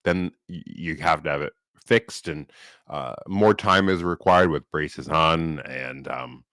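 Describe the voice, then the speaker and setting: A man's voice: a bass voice, slow pace, vocal fry, a bit bright, dry recording. A man co-hosting a podcast in casual chat, talking with a slight lisp from new braces and rambling with restarts. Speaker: podcast co-host.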